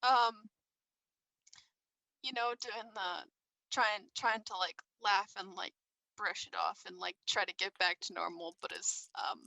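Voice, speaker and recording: A woman's voice: medium pitch, steady tone, a little slow, vocal fry, long pauses, sharp tone, dry recording, low-quality recording. A woman playing a tabletop role-play game, hesitant and full of fillers. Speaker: player.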